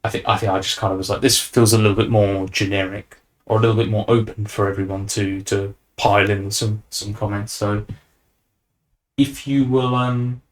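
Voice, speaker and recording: A man's voice: on the low side, flat delivery, normal speed. A young man hosting a podcast, chatting casually and rambling with fillers and restarts. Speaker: podcast host. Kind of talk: casual chat.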